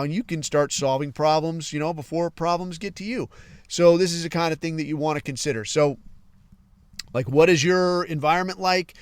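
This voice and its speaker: A male podcast host in a casual monologue, blunt and heavy on profanity. His voice sits a little high and comes through smooth and resonant. The sound is dry and close. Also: no echo. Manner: blunt, profane, fillers like "like" and "right".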